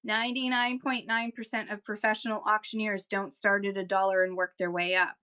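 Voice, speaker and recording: A woman's voice: medium pitch, flat delivery, brisk, sharp tone, smooth. A woman hosting a live seller chat, talking casually and rambling, slipping into auctioneer patter, with a Kentucky accent. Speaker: host giving seller tips.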